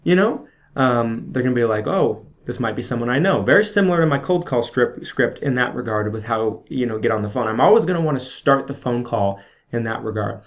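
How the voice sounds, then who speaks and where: A man talks straight to camera as an insurance sales trainer, coaching in a chatty, informal way and checking in with "okay?" as he goes. His voice sits at an ordinary middle pitch. The recording is a little dull and lo-fi. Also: expressive, a little fast. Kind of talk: casual video sales training. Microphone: camera video. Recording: slightly dull lo-fi audio.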